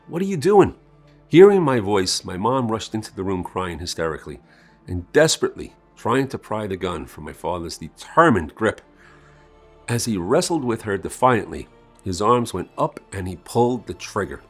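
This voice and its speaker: A man narrating a scripted first-person sales story in a dramatic storytelling manner. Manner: dramatic storytelling with strong swings in pitch and volume. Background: faint music.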